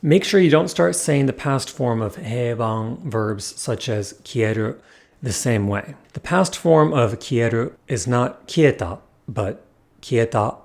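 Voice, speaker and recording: A man giving a scripted lesson as a language teacher, explaining in a clear, measured way. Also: mid-range voice, expressive, a little mellow. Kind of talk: scripted educational narration.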